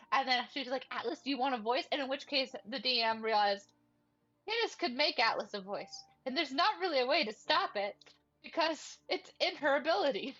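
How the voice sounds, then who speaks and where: A woman's voice: high-pitched, bright, forceful tone. A woman casually recapping a tabletop game session, chatty and giggly, quoting the characters as she goes. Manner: chatty, giggly, lots of fillers and quoted dialogue. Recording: dull lo-fi mic with faint music.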